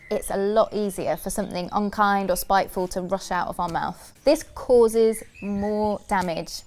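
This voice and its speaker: A woman delivers a scripted children's church lesson. She talks gently and keeps asking the listener questions. She repeats short phrases in a steady rhythm, with a voice of ordinary pitch. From United Kingdom. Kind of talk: scripted kids' talk.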